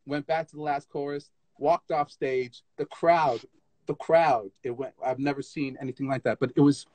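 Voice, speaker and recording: Man, animated storyteller, scats rhythms, middle pitch, dry close sound. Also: normal speed, no room sound. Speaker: guest tap dancer. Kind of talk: casual live interview. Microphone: phone for live stream.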